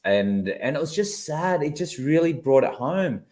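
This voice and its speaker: A man's voice: a little high, sing-song, unhurried, a little mellow. An Australian man co-hosting a casual livestream chat, reading out viewer comments. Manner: chatty, reads viewer comments aloud. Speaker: co-host.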